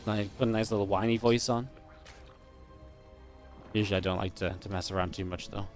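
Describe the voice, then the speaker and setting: A man giving live play-by-play commentary on a strategy game match, chatty and upbeat with quick reactions. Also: lowish voice, steady tone, soft background music. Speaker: esports caster.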